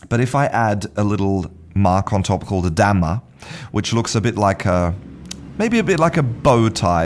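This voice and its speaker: A man's voice: sits low, darkish tone. A man hosting a podcast lesson, explaining in a chatty, informal way with frequent restarts and repeated words. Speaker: podcast host, English teacher. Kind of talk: casual spoken lesson. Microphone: podcast microphone.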